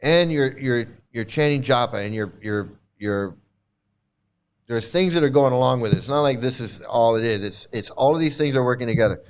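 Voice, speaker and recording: A man's voice: medium pitch, normal speed, smooth. A man in his sixties, a former cult member, giving a candid commentary monologue in a blunt, profane way and repeating phrases for emphasis. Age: 60s.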